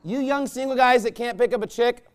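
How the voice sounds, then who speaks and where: Man preaching a sermon, pastor, high-pitched, smooth clear tone, blunt and emphatic, scornful, loud bursts. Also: brisk.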